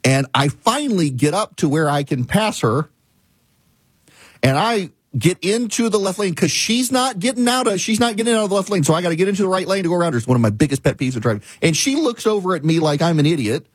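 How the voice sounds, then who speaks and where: A man's voice: high voice, lively intonation, quick pace, breathy edge, dry recording. A man hosting a talk show, telling a story in a casual, exasperated rant and repeating his points for emphasis. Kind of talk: casual monologue, ranting storytelling.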